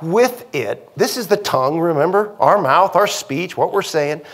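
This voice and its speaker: A man's voice: fairly high pitch, moderate pace, fairly bright tone. A man preaching a conversational sermon in church, with frequent asides and questions to the congregation. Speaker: pastor.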